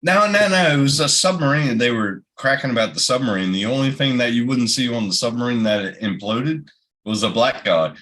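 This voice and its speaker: A man's voice: mid-range voice, brisk, a bit bright. A middle-aged man, telling profane, laugh-filled anecdotes in casual chat.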